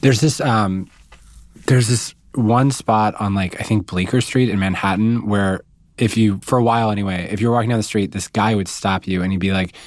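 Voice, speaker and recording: A man hosting a podcast, telling stories in a lively, casual way and acting out voices he quotes. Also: on the low side, moderate pace, dry recording. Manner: animated storyteller, acts out quoted voices. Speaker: podcast host. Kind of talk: casual chat.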